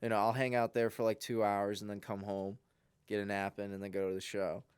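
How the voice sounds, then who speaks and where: Young guy rambling through a story, lowish smooth voice, dry sound. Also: level tone, a little fast, no room sound. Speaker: podcast co-host. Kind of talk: casual storytelling chat.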